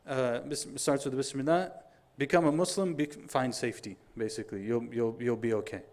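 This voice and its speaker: A middle-aged man giving a Friday sermon, telling stories in an animated way, acting out the dialogue and reciting quotations quickly. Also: mid-range voice. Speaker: preacher.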